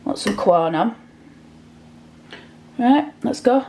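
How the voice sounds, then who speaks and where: A woman's voice: a little high, animated, takes it slowly, warm tone, low-quality recording. Casual woman, home cooking vlog, chatty direct address to viewers. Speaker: vlogger. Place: home kitchen.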